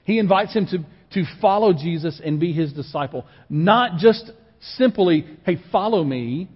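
A man's voice: sits high, animated, normal speed, slightly rough. A man preaching a sermon, reading a scripture passage aloud and then explaining it in a conversational tone. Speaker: pastor. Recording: dull sound with long reverb in a hall.

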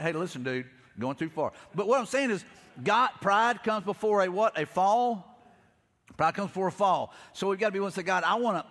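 Middle-aged preacher, rapid storyteller with a slightly high voice, recorded live with long hall reverb. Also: male voice, fairly bright tone. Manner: storytelling, acts out quotes, frequent repeats. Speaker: pastor. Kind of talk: conversational sermon.

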